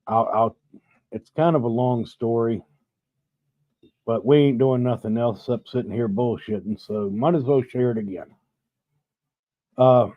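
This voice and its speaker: A middle-aged man hosts a live stream and spins a loose, profane yarn in an unhurried, rambling way. His voice sits in an ordinary middle pitch. The sound is dull and lo-fi, with a dry, close quality and no room echo. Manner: laid-back, profane, rambling storyteller. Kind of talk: casual storytelling chat over drinks.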